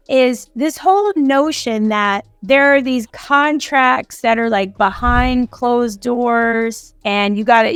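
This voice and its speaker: A woman's voice: on the high side, fairly bright tone, clean tone, no room sound. A woman coaching on government contracts in a casual teaching style, acting out quoted callers as she explains. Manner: conversational, acts out quoted callers. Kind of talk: casual instructional talk.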